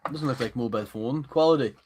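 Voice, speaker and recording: A man's voice: medium pitch, fast, darkish tone, slight background noise. A man co-hosting a live stream, chatting bluntly with casual swearing and short reactions. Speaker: co-host. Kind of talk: casual chat.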